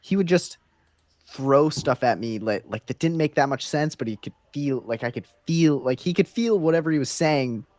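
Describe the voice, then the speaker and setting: A young man on a casual podcast, sharing a story in a relaxed way. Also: fairly high pitch, moderate pace, no room sound. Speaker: podcast guest.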